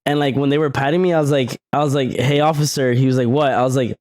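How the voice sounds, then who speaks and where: A young man co-hosting a podcast, telling stories in an animated way and laughing often. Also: medium pitch, fast talker. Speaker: podcast co-host. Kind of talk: casual chat.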